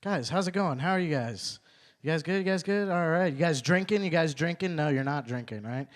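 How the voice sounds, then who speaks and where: A man's voice: a little high, animated, fairly quick. Young male stand-up working a crowd. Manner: conversational, asks the crowd questions, repeats punchlines. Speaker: stand-up comedian. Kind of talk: stand-up comedy set. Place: small live comedy venue.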